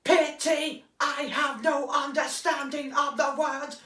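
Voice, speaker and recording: A harsh, high, shouting alien war machine through a voice modulator, echoey and off-mic. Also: male voice, little pitch movement, takes it slowly, far from the mic, exaggerated voice. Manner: strained, shouted staccato delivery. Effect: electronic voice modulator.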